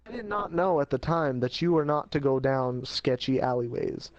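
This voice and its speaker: A man's voice: mid-range voice, lively intonation, moderate pace, dry recording, dull audio. A man telling a casual life story in a rambling, slangy way, laughing at himself as he goes.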